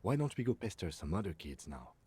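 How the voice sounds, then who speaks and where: A low, mellow and slightly husky lieutenant, who sounds unhurried and dryly understated. The voice is heard as distant game audio. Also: male voice, big pitch swings, full character voice. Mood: dry calm. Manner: dry, understated, patient.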